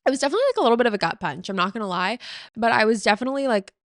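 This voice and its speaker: A young adult woman hosting her podcast in a casual, chatty way, full of fillers and quick backtracking. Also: on the high side, no echo, clean studio sound. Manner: chatty and animated, filler-heavy, often backtracks. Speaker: podcast host. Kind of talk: casual chat.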